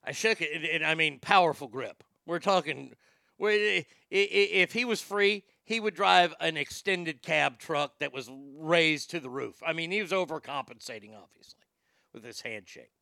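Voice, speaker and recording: Man, stand-up storyteller, animated and profane, slightly high voice. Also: normal speed, gravelly, no echo, clean studio sound. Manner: animated, profane, acts out other people's lines. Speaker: stand-up comedian.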